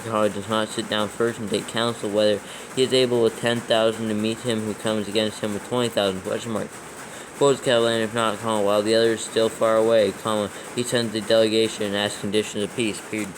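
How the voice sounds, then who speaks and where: A man's voice: fairly low pitch, little pitch movement, fast, noisy background. A man dictating scripture aloud for proofreading, steadily reading the text and naming every comma, capital and quote mark.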